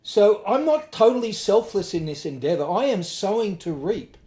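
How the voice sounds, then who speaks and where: An Australian man speaks as a podcast guest, earnest and emphatic, blunt enough to swear. His voice sits a little high yet sounds warm and mellow. The room around him rings with echo. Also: big pitch swings, moderate pace. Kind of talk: candid conversation.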